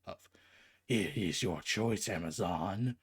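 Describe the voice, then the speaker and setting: A man's voice: deep voice, slightly rough, pitched below the performer's own voice, heavily acted. A man putting on a grave underworld god. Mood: menacing. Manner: slow, grave and threatening, sometimes whispered. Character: menacing male underworld god, slow and scornful.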